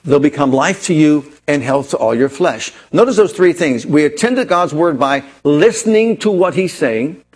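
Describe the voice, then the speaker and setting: A man's voice: fairly high pitch, expressive, normal speed, few pauses, husky, soft background music. A man preaching a sermon, retelling a scripture story dramatically and asking rhetorical questions. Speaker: pastor.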